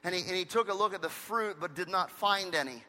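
A pastor with a high, bright voice delivers a sermon, pressing each point home by repeating phrases. A long reverb rings around him, as in a big church sanctuary. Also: male voice, fairly quick. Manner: emphatic preaching with repeated phrases. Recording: long reverb of a large hall.

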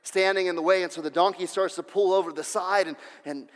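A male preacher retelling a story in a sermon, restarting words and rising to shouted climaxes. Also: sits high, steady tone, brisk, big-room sound. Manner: restless, repeats words, builds to shouting.

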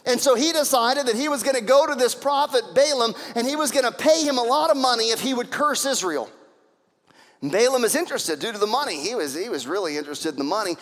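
High-voiced man preaching in a reverberant hall. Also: quick pace. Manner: animated storytelling with acted-out voices. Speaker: pastor. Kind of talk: sermon.

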